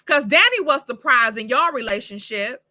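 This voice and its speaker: A woman's voice: a little high, normal speed. A woman hosting her own show recap channel, talking casually and profanely, calling out characters as she goes. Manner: profane, animated, talks back to the characters. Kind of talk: casual reaction review.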